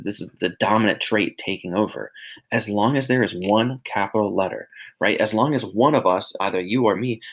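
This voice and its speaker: A man's voice: on the low side, rough recording. A man teacher talking through a recorded slide lecture, explaining plainly with everyday comparisons and often checking in with "all right?".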